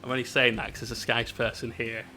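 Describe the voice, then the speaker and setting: A man's voice: mid-range voice, level tone, quick pace, loud music behind the voice. A man hosting a casual painting live stream, bantering with his chat and explaining each step as he works.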